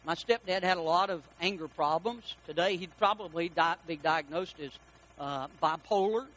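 A middle-aged man, preaching a sermon and telling personal stories, stretching key words with slow emphasis. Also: a little high, fairly bright tone, low-quality recording. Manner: preaching with storytelling, slow emphatic stresses, quoted dialogue. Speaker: pastor.

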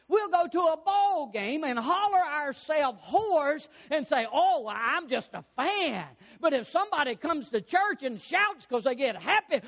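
A pastor preaching a sermon, fervent and rising to shouts, putting questions to the congregation. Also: male voice, extremely high pitch, expressive, measured pace, hardly any pauses.

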